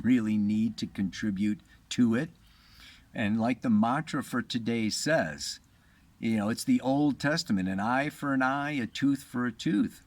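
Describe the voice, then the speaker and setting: A man, an astrologer, giving a relaxed and rambling spiritual talk, chuckling often as he goes. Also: on the low side, dry recording.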